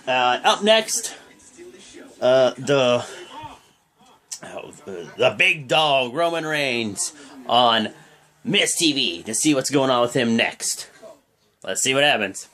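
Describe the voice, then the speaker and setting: A young man does casual reaction commentary as a wrestling show vlogger, recapping the show in a rambling, slang-heavy way. His medium-pitched voice is animated yet slow, with long pauses and a sharp tone.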